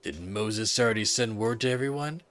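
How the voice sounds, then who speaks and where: Brief: a man doing a dry-witted detective, low voice, understated delivery. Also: normal speed, fairly bright tone, faint music behind, natural voice. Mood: wry.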